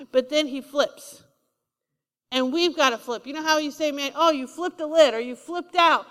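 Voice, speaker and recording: A woman's voice: high voice, normal speed, a bit bright, in a large hall. A woman preaching a sermon, emphatic and repetitive, asking the congregation for responses. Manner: emphatic, repeats key lines, asks the congregation for responses.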